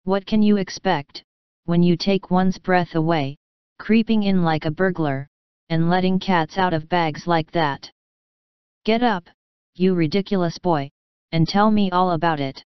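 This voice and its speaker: A woman reading aloud, voicing a lively, warm-hearted young woman who teases an old friend in a brisk, affectionate way. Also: lowish voice, smooth, dry recording, muffled recording, lightly acted. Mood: teasing.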